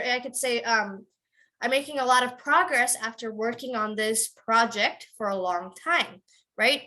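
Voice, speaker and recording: A woman teaching pronunciation to a class of kids, her voice bright and a touch high. She draws out each word slowly, repeats it again and again, then slips into quick explanations. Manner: slow, drawn-out demonstration of word stress, repeats words many times; switches into quick Tamil asides.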